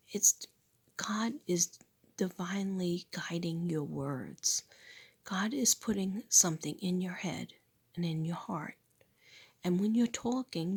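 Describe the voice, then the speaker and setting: A middle-aged woman losing her voice, half-whispering through a slow spiritual talk and repeating affirmations softly. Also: on the low side. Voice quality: breathy, husky. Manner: soft, unhurried, repeats affirmations. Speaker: spiritual teacher and channel host.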